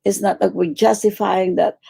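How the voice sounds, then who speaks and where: Gravelly, husky woman teaching meditation. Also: mid-range voice, steady tone, moderate pace. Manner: warm coaching, repeats phrases, acts out quoted pleas. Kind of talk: teaching a guided meditation class.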